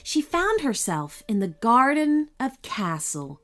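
Casting: woman storyteller for kids, lively pitch, slow and gentle delivery. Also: soft background music. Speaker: podcast host and storyteller. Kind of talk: bedtime story narration.

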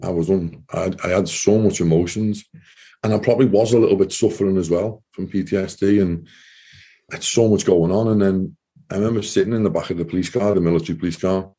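A man's voice: deep voice, fairly even intonation, fast, dark tone, slightly rough. A man telling a personal story as an interview guest, rambling with frequent "you know" fillers. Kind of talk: casual storytelling.

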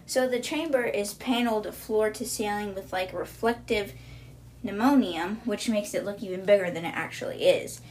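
A woman hosts a podcast and walks through book chapters in a relaxed recap. She retells the story in a chatty way, catching her own slips as she goes. Her voice sits at an ordinary, middle pitch. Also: normal speed, slight background noise. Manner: stumbles over words then corrects herself. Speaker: podcast host.

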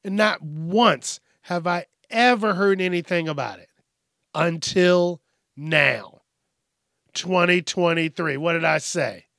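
Slow, profane ranting man with a dry sound. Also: high-pitched, vocal fry, a bit bright, no echo. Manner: profane, sarcastic, exasperated. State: drinking beer. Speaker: host. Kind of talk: ranting news commentary.

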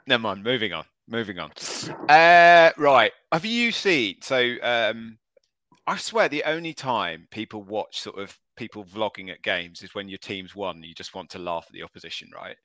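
Lively, laughing male podcast host. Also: fairly low pitch, no echo. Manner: laughs often, moves things along briskly. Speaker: podcast host reading listener questions. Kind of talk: casual chat.

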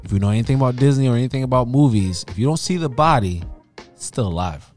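A man co-hosting a casual podcast, animated and laughing, rambling with lots of restarts. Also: medium pitch, fast, soft background music. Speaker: podcast co-host. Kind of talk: casual chat.

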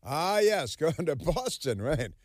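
A man's voice: on the high side, very animated, takes it slowly, slight background noise. A man hosting a political talk radio show, talking in a sarcastic, mocking, rambling way full of fillers. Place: radio studio. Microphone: studio microphone.

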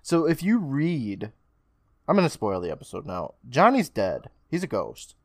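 A man co-hosting a podcast, casually retelling an episode's plot with swearing and quick acted-out lines. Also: medium pitch, wildly swooping pitch, dry recording, clean studio sound. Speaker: podcast co-host recapping an episode. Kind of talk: casual recap chat.

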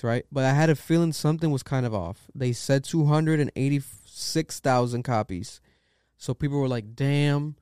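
A man's voice: medium pitch, a little mellow, clear, resonant tone, dry recording, studio quality. A man hosting a casual podcast, giving loose, profane opinions on music news. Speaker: podcast host.

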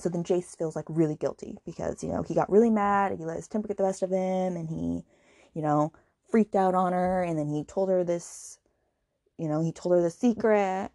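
Woman, podcast host, chatty book rant, fairly low voice, mellow tone, dry sound. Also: brisk, no room sound. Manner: animated, chatty, many fillers like "like" and "okay". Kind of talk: casual book review rant.

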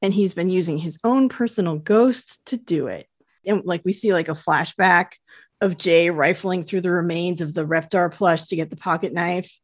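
A woman's voice: on the low side, moderate pace, dry recording, studio quality. A woman co-hosting a podcast, recapping a TV episode in chatty, enthusiastic casual talk. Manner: chatty, enthusiastic, laughs easily. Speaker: podcast co-host.

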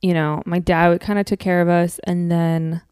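Candid young woman from Minnesota, lowish voice. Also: little pitch movement, normal speed, darkish tone, clear, resonant tone, no room sound, clean studio sound. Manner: candid, swears freely, acts out quotes in a raised voice. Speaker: comedian, podcast guest. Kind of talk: casual chat.

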